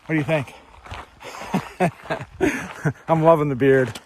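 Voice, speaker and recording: A man's voice: a little high, steady tone, takes it slowly, a little hiss or hum. Upbeat man vlogging outdoors. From New Hampshire, USA. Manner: upbeat, repetitive, laughs often. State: out of breath while walking uphill. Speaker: hiking vlogger. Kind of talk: casual outdoor vlog. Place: outdoors on hilly rural roads and hilltops. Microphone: handheld phone camera.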